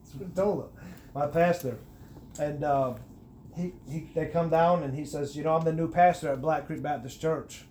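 A middle-aged man giving a personal testimony in a conversational interview, earnest, with many restarts, rising and getting animated at emphatic points. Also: fairly high pitch, normal speed, slight background noise. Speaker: guest sharing his testimony.

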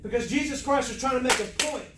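A man's voice: very high voice, quick pace. A man preaching a fervent, emphatic sermon, repeating words for stress. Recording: echoey room, faint noise.

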